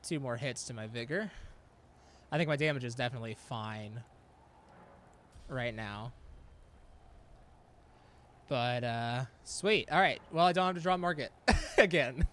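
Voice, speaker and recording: A man's voice: mid-range voice, unhurried, long pauses, fairly bright tone. A man giving casual gameplay commentary, chatty and laughing often, talking back at the game. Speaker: gameplay streamer.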